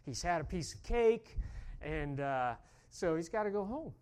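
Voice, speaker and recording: A man with a high voice preaching a sermon. He tells a story in an easy way, then turns fervent and emphatic as he drives his points home. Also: lively intonation, unhurried, darkish tone, smooth. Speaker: pastor.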